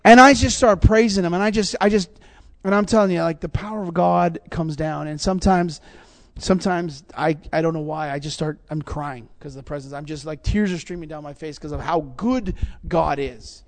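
A man's voice: fairly high pitch, normal speed. A man preaching a sermon, passionate and building to fervent exhortation.

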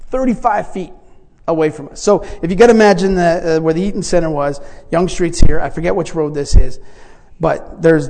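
A man's voice: high voice, darkish tone. A male preacher telling stories in a rambling sermon, often restarting and chuckling as he talks. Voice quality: gravelly. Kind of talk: sermon storytelling. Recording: long reverb in a large hall.

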